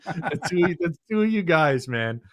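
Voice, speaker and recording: A man's voice: fairly high pitch, big pitch swings, a little slow, no room sound, studio quality. A man from Long Island hosting a casual sports podcast, easygoing and steering the talk. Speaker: podcast host.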